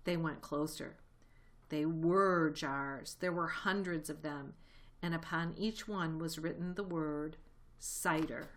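A woman narrating a children's chapter book aloud with a lively, expressive delivery. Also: low-pitched, slow. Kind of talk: audiobook reading.

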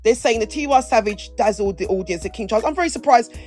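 A podcast co-host with a slightly high, darkish voice talks fast in a casual, playful chat, with faint music in the background. She rambles and keeps restarting her sentences.

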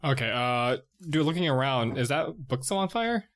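A man's voice: mid-range voice, expressive, moderate pace, fairly bright tone. A man playing a tabletop role-playing game, casually calling out his actions. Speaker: player.

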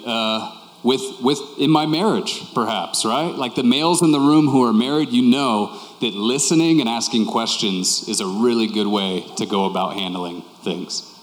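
A man preaching a sermon to a congregation, talking in a candid, conversational way and repeating key phrases for emphasis. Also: mid-range voice. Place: church hall with congregation. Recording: echoey hall with long reverb.

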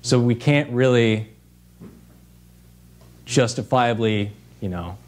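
A man's voice: medium pitch, slow. A man preaching an informal sermon in a conversational way, with fillers and restarts.

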